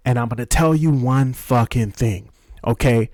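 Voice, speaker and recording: A young man ranting casually about a video game, profane and excitable, rambling and restarting his sentences. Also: medium pitch, normal speed, dry recording. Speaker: gaming video host.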